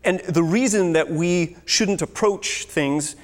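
A man's voice: high voice, slow. Guy preaching a sermon, earnest teacher vibe, echoey church hall. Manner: earnest, teaching, reads scripture aloud. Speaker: pastor. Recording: long hall reverb.

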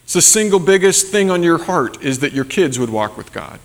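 A man's voice: fairly high pitch, very animated, normal speed. A man preaching a sermon as a pastor, in a loose conversational way, with many fillers and asides such as "right?". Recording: long reverb of a large hall.

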